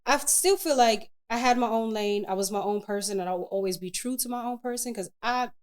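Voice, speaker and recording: A woman poet being interviewed, speaking in a fairly high voice. She talks candidly and colloquially, telling her stories with plenty of expression. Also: fairly quick, clear, resonant tone. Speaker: spoken word poet, interview guest. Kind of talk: casual interview chat.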